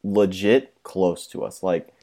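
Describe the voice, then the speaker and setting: A man's voice: low-pitched, takes it slowly, warm tone. A young man in casual podcast chat, rambling through a story with lots of swearing and laughter. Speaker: podcast co-host.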